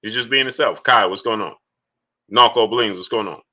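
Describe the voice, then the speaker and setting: Bright-voiced man hosting a sports livestream. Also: on the low side, moderate pace. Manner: loose and conversational, greets viewers by name, repeats himself. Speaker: livestream sports host reading Super Chats. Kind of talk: casual live-stream talk.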